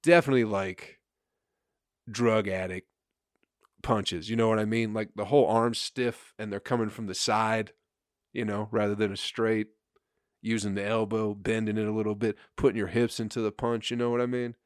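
A man's voice: lowish voice, fairly even intonation, normal speed, no echo, clean studio sound. A young adult man on a profane, rambling comedic rant, full of filler and laughter. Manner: rambling, crude, laughs often.

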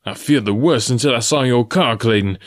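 A man's voice: mid-range voice, brisk, natural voice. A man voicing a brusque, domineering young male suitor in an audiobook. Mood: insistent. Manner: brusque, demanding.

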